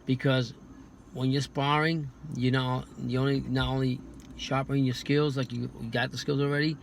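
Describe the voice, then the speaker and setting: A man giving his take as a guest on a casual boxing talk show, halting, with many restarts and repeated words. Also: medium pitch, level tone, gravelly, a little hiss or hum. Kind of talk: casual podcast chat.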